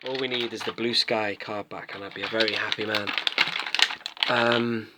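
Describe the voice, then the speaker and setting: A man's voice: on the low side, steady tone, moderate pace, very noisy. A British man in his late thirties, chatting enthusiastically and rambling as he unboxes and reviews toys in a casual vlog. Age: late 30s. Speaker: toy collector vlogger.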